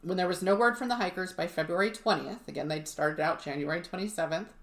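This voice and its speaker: A woman with a slightly low voice tells a true mystery on her podcast. She keeps it chatty and throws in wry asides. The room around her sounds roomy and echoey. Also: fast, creaky. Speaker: podcast co-host. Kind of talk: casual storytelling podcast.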